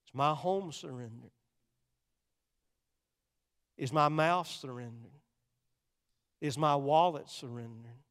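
An older man preaching a sermon, swinging between loud, urgent passages and hushed, quiet ones. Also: mid-range voice, takes it slowly, long pauses, in a large hall. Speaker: pastor.

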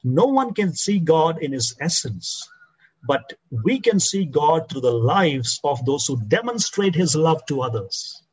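A man preaching a sermon as a pastor, slowing and dropping his voice low to stress key phrases. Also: very animated, slightly rough, poor audio.

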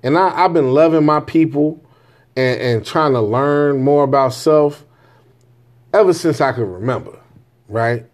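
A fairly high-pitched, slightly slow male voice belongs to a father in his forties who talks candidly to camera about raising his kids. He tells it bluntly, swears, and keeps asking "right?" to make sure the listener is following.

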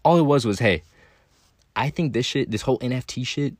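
A man's voice: medium pitch, brisk, dry recording, studio quality. A man hosting a podcast, talking casually and bluntly, swearing freely and often tacking on "right?" and "again". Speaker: podcast host. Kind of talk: casual monologue.

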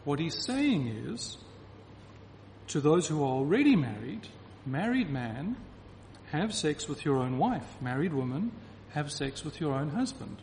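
A man's voice: fairly high pitch, sing-song, measured pace, creaky, darkish tone, slight background noise. A man preaching a sermon to a congregation, emphatic and repeating key phrases to drive his point home. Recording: reverberant hall with faint ambience.

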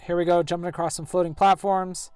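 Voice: mid-range voice, level tone, a little fast, a little mellow, clear, resonant tone, dry recording, soft background music. A player casually narrating a story game, describing the action and reading the characters' lines aloud. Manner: chatty, narrates actions, voices characters loosely. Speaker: gameplay narrator.

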